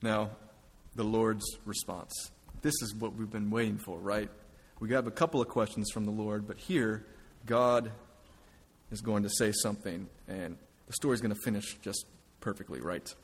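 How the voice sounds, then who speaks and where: A man preaching a sermon as a pastor, earnest, often dropping to a hush for emphasis. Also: lowish voice, fairly even intonation, moderate pace, breathy edge, in a large hall.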